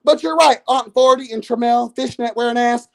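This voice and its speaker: A man's voice: extremely high pitch, normal speed, gravelly. A man in his thirties, a reality show commentator, giving a profane, sassy, exasperated rant on a live review and calling his listeners girl and y'all. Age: 30s.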